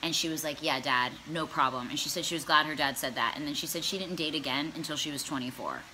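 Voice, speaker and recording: Young woman vlogger, cussing a lot, bright punchy voice, storytime rant. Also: deep voice, fast, slight background noise. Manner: profane, brash, animated, laughing. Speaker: comedy vlogger. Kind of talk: comedic storytime vlog.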